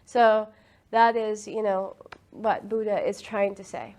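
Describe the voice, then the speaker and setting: A woman leading a casual spiritual talk about breath and meditation, earnest and quick to laugh. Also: mid-range voice, darkish tone. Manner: laughs often, earnest and enthusiastic.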